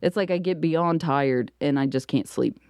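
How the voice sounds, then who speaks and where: Middle-aged female comedian, casual and lively, low-pitched, dry close recording. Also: moderate pace, clear, resonant tone, no room sound. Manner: animated storyteller, laughs often. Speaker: comedian guest. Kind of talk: casual podcast chat.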